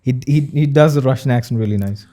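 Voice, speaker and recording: A man's voice: medium pitch, fast talker, dark tone. A young man with an Indian accent chatting as a podcast guest, leaning heavily on "you know" and filler. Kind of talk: casual chat.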